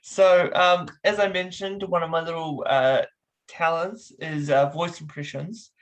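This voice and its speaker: An interview host running playful quick-fire games with a guest. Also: medium pitch, steady tone. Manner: playful, quick, prompts with short cues.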